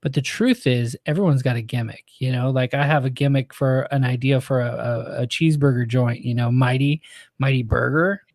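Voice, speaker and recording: A man hosts the interview in a loose, rambling way, full of fillers and side remarks. His voice is mellow and warm, and the recording is dry and close, with almost no room sound. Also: mid-range voice, fairly even intonation, moderate pace, no echo. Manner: casual, rambling, lots of fillers. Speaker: host.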